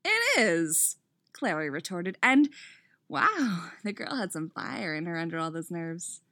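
Expressive woman reading a story aloud. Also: on the low side, normal speed, no echo, studio quality. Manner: expressive, blurts asides and swears mid-read. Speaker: reader. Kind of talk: reading fan fiction aloud with reactions.

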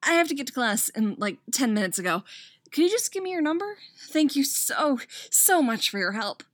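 Woman voicing a nervous young art student girl, rambling, high, lively, dry sound. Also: dry recording. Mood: flustered. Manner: flustered, rambling, quick.

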